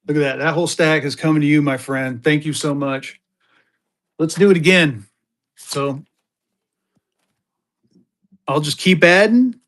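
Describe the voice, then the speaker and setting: High-voiced upbeat livestream auction seller man. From Colorado. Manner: upbeat, rapid-fire adding items, gets excited.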